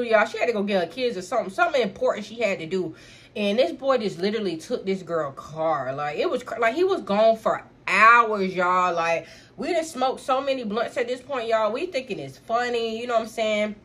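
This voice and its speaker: Husky young woman telling a story. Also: medium pitch. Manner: animated, slangy, addresses viewers as y'all. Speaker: vlogger. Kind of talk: casual storytime.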